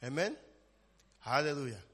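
Male preacher, husky, chatty, peppers his lines with "eh?" and "amen?", long reverb. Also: mid-range voice, big pitch swings, normal speed, bright, forceful tone. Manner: conversational, frequent "eh?" and "amen?" tags, call-and-response questions. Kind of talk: informal sermon.

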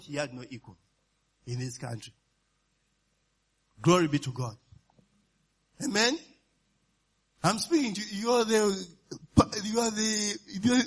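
A high-pitched, husky man preaches in a sermon style. His pitch swings widely as he checks in with his listeners and chuckles between points. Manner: call-and-response asides, often asks "you understand?" and "eh?", laughs while preaching.

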